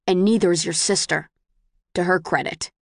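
A woman's voice: on the low side, steady tone, normal speed, dry recording, close to an everyday voice. A woman voicing a stern older male leader who lectures in a rigid, preachy way, in a dry-sounding recording. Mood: lecturing.

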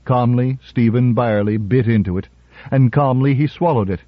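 A man narrating a story for radio in a measured, even way. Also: medium pitch, no echo. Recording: dull, dry radio recording.

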